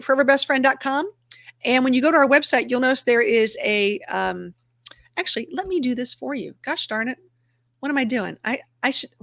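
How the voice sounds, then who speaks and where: A woman's voice: a little high, fairly bright tone, dry recording, studio quality. A woman hosting a casual livestream, chatty and upbeat, talking through each click as she shares her screen. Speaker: livestream host for a dog rescue community.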